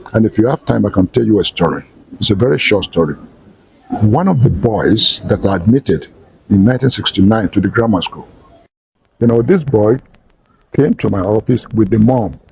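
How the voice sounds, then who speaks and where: A man's voice: medium pitch, vocal fry, a little mellow, husky, rough recording. An older man with a Nigerian accent, a retired teacher telling a story in an interview and acting out the voices of the people in it.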